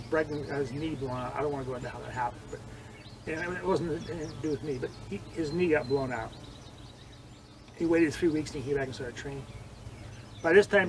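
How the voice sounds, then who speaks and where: An older man telling vivid stories in an interview, acting out quoted lines and swinging between loud and hushed. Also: on the high side, a little hiss or hum, rough recording. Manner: animated storyteller, acts out quotes, swings loud and soft. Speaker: interviewee, former judo training partner. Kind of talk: storytelling interview.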